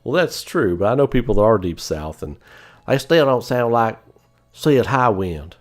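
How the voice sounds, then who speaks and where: A man from the Southern United States chatting casually on a livestream, animated and rambling, answering chat and laughing often. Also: on the low side, moderate pace. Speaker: online gaming commentator.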